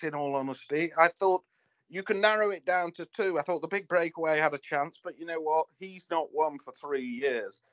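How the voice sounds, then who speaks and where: Rambling racing tipster, slightly high. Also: male voice, fairly bright tone, dry recording, dull audio. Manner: rambling, digressive, hesitant with fillers. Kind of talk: casual racing chat.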